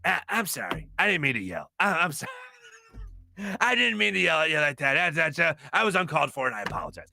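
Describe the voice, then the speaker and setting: A man imitating a loud, blustery male radio host who yells and then apologizes. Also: on the high side, big pitch swings, fast, creaky, dry recording, heavily acted. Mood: apologetic.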